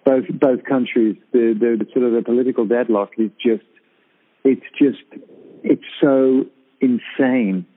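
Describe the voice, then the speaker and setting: A man in casual radio chat, heard over a thin, phone-like line. He talks haltingly, circling back with fillers and restarts. His pitch sits in the middle range. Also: steady tone. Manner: hesitant, with many fillers and restarts. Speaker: guest on a radio show. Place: abroad in Britain, calling in.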